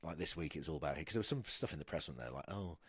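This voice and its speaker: A man's voice: a bass voice, expressive, rapid-fire, fairly bright tone, slightly rough, no echo, clean studio sound. An English rugby player in his thirties, chatting on a podcast in a rambling, hesitant way with lots of fillers and restarts. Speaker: guest, professional rugby player. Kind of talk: casual podcast chat.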